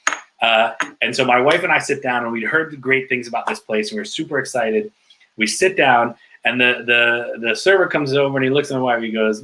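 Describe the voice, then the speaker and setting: A man telling stories as a podcast guest, animated and chatty and full of filler likes. His voice is bright and forceful, at a middle pitch. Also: fairly quick, rough recording. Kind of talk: casual podcast interview storytelling.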